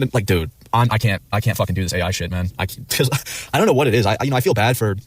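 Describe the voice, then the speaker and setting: A man's voice: on the low side, animated, very fast. A man livestreaming, chatting casually in a rambling way, swearing often and acting out quoted replies. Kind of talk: casual rambling stream chat.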